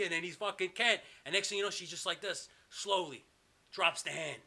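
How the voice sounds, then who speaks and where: A man hosting a podcast, telling a wild story in an animated, profane way, acting out scenes with quick asides. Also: high-pitched. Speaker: podcast host. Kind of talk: comedic storytelling.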